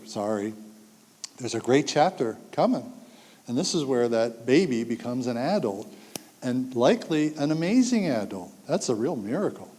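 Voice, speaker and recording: A man in his sixties speaking to an audience of parents, telling stories with acted-out quotes and jokes. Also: medium pitch. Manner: animated storytelling, acts out quotes, jokes with the audience. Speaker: speaker giving a talk to parents. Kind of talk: public talk to an audience. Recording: long hall reverb.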